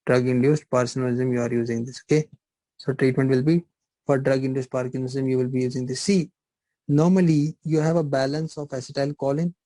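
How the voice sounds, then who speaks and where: A man's voice: mid-range voice, fairly even intonation, a little fast, mellow, no room sound, low-quality recording. A middle-aged male pharmacology lecturer, teaching a live online class, repeating points and firing rhetorical questions at students. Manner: repetitive, asks rhetorical questions, teasing.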